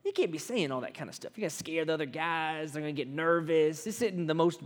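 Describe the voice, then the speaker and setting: A man voicing a worried disciple who urgently pulls his teacher aside, speaking low and hushed. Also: fast talker, natural voice. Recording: long hall reverb.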